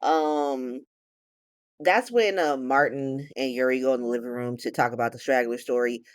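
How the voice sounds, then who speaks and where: A woman's voice: very deep voice, moderate pace, no room sound, clean studio sound. A woman hosting a soap opera recap, narrating casually in profane slang.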